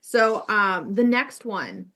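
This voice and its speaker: A woman hosting an interview, asking a guest measured questions with a few fillers. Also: medium pitch, big pitch swings, fairly bright tone. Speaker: interviewer host.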